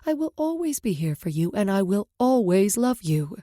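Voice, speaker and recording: A woman voicing a loving middle-aged mother who speaks softly and reassuringly. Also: medium pitch, very animated, moderate pace, no room sound, clean studio sound, close to an everyday voice. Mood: gentle, caring. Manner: soft, reassuring.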